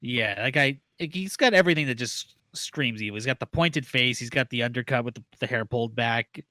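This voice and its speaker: Male podcast co-host, relaxed chatty sidekick. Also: mid-range voice, fairly quick, no room sound. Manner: laid-back, short agreeing replies. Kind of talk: casual anime recap chat.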